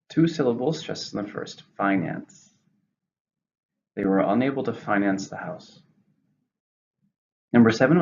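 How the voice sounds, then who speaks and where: Brief: male English teacher, deep gravelly voice, careful slow delivery, lo-fi recording with faint hiss. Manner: slow, careful enunciation of words. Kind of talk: vocabulary lesson. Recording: lo-fi with faint noise.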